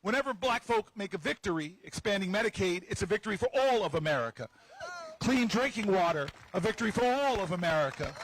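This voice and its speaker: A senator speaking outdoors at a rally, telling a playful story to the crowd, with stammering restarts and repeated words. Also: male voice, high-pitched, a little hiss or hum, low-quality recording. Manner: lively, playful storyteller who teases the crowd. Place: outdoors on building steps at a rally.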